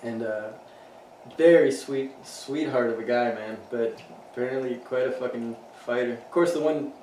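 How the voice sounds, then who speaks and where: A podcast co-host chats casually in a mid-range voice at a normal speed, his animated banter full of swearing and laughter. The room echoes, the mic sits at a distance, and there's a faint hiss.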